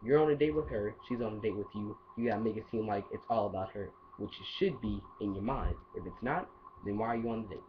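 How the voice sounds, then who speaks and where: A man's voice: lowish voice, fast talker. A man giving casual dating advice in a rambling, playful monologue full of asides. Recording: dull lo-fi audio with faint hiss.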